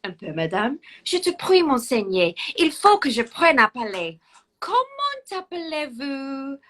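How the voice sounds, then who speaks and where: A woman's voice: sits high, sing-song, unhurried, fairly bright tone, voice pushed up, exaggerated voice. A woman acting as a young French princess from a Shakespeare play, delivering formal theatrical lines in French.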